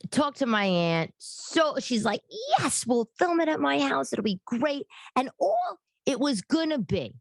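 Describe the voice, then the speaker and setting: Chatty New woman, low and dry. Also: dry recording. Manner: rambling, animated, with many fillers and restarts. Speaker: talk show host. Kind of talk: casual monologue. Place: living room.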